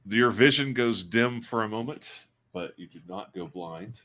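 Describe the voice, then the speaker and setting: A man's voice: fairly low pitch, animated, normal speed, bright, forceful tone. A man running a tabletop role-playing game as game master, narrating combat results with animation.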